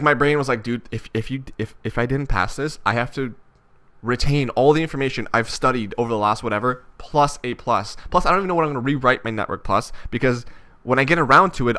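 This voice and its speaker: A young man vlogging casually, rambling with excitement and swearing freely. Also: mid-range voice, clean tone. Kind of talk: casual vlog talk.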